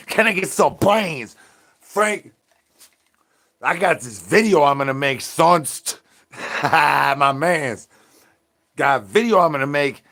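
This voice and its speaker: A man live streaming in a goofy zombie persona, rambling with sing-song rhymes and yelling at his chat. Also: on the high side, vocal fry. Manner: silly rhyming and sing-song wordplay.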